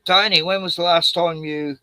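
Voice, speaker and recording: A man's voice: on the high side, steady tone, normal speed, sharp tone, smooth, dry recording, low-quality recording. A man on a live stream chat, teasing and egging the others on. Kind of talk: casual chat.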